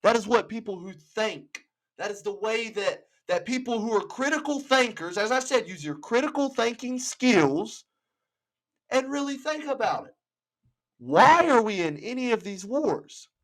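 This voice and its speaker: A man's voice: extremely high pitch, lively intonation, measured pace, rough recording. Male host delivering a heated, swearing rant from home. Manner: angry, profane, heavy emphasis. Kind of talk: ranting commentary. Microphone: home setup.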